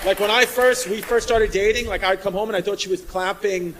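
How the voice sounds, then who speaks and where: A man doing a stand-up set in a comedy club, riffing loudly with the crowd and working the room. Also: sits high, level tone, fairly quick. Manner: loud, riffing, crowd work. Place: comedy club with live audience. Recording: live club recording with crowd noise.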